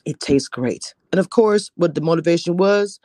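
A woman's voice: on the low side, normal speed, mellow, no room sound. Chatty woman reviewer, dry close sound. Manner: chatty, drops to a whisper for emphasis. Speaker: TV show reviewer. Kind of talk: casual episode recap.

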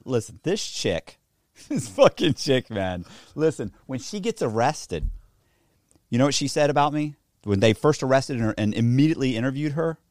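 A man's voice: medium pitch, no echo, studio quality. A man telling his own story in a casual interview, profane and indignant, quoting others as he goes. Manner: profane, animated, indignant retelling. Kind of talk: casual storytelling, reacting to a documentary clip.

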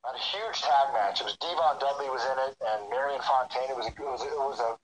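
A man's voice: mid-range voice, fast, poor audio. A middle-aged man, a wrestler being interviewed, telling his story candidly with lots of restarts and fillers. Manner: animated, full of restarts and fillers, acts out quoted voices. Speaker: guest, professional wrestler.

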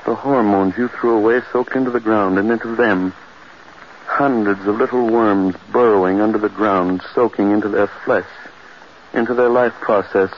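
A man's voice: on the low side, fairly even intonation, normal speed, natural voice. An actor playing a guilt-stricken man driven half mad by horror, in 1940s radio acting, with a strained voice that breaks into anguished cries. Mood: bitter. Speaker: Charles Prentice, a man haunted by his wife's death. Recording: muffled old radio recording, loud hiss.

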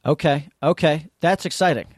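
A man's voice: fairly high pitch, normal speed, husky, no echo, studio quality. A man hosting a casual podcast chat, asking playful, joking questions. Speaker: podcast host.

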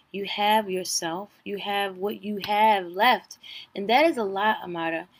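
Animated, profane woman podcaster. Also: medium pitch. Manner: animated, profane, swinging from loud exclamations to hushed asides. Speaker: podcast host recapping a reality show. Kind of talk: casual comedic recap.

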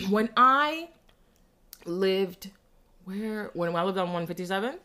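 Animated, cursing New York woman. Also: medium pitch, slow, background noise. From New York City. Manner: profane, emphatic, animated storyteller. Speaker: podcast host. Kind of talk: casual chat.

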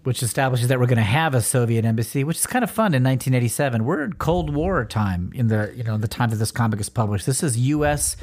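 A man's voice: medium pitch, fast talker, hardly any pauses. Chatty man discussing comics. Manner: relaxed, chatty, reads comic dialogue aloud in playful voices. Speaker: podcast co-host. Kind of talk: casual comic book discussion.

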